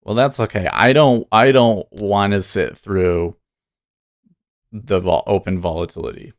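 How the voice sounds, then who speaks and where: A man's voice: lowish voice, measured pace, dry recording, clean studio sound. A man hosting a day trading livestream, thinking aloud in a rambling, casual way and laughing often.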